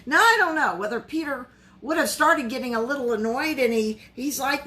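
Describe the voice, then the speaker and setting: A woman's voice: sits high, normal speed, pushed and bright. A woman pastor leading a Bible study in a conversational way, often asking her listeners questions.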